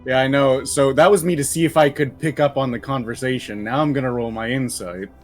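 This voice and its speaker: A man chatting casually at a tabletop game, laid-back and quick to laugh. His voice is mid-pitched, with faint music in the background. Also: steady tone. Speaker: player.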